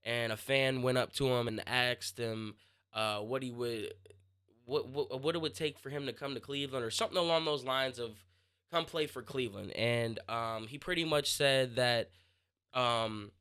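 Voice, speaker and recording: A young man hosting his own sports podcast, talking casually and answering listener questions, pausing and restarting mid-thought as he works out what he wants to say. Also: mid-range voice, bright, forceful tone, clear, resonant tone. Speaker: podcast host.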